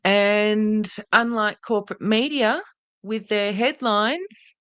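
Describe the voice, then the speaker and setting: A woman's voice: mid-range voice, steady tone, measured pace, a bit bright, clear, resonant tone, no room sound, highs cut off. A woman hosting a podcast livestream in a casual, chatty way, greeting viewers by name and speaking earnestly and indignantly. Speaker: podcast host.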